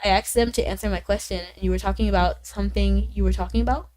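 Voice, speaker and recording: A chatty woman streamer talking casually to her viewers, her voice a little altered because she is sick. She rambles in loose run-on sentences with small laughs, at a middling pitch for a woman. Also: steady tone, fast talker, warm tone. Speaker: livestreamer. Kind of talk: casual stream chat reading viewer comments.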